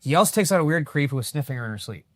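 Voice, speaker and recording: A man's voice: on the high side, expressive, racing, no room sound, clean studio sound. A man co-hosting a podcast, recapping a horror movie in casual, profane chat. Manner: swears often, laid-back storytelling. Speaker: podcast co-host.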